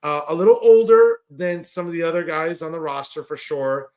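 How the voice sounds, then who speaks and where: A man's voice: on the high side, lively intonation, moderate pace, a little mellow. A man co-hosting a wrestling podcast, running through the card in rambling casual chat. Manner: rambling, full of "uh" and "you know". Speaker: podcast co-host.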